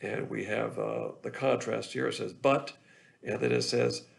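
A man with a heavily gravelly, fry-laden voice delivers a Bible lesson from the pulpit. He speaks in a measured teaching cadence at a middle pitch and circles back over his phrases to drive each point home. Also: fairly even intonation. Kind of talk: sermon.

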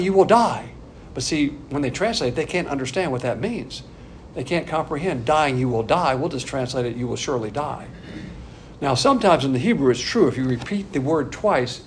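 A man's voice: medium pitch, a little hiss or hum. Emphatic man teaching the Bible. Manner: conversational, emphatic, with dry asides. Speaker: pastor.

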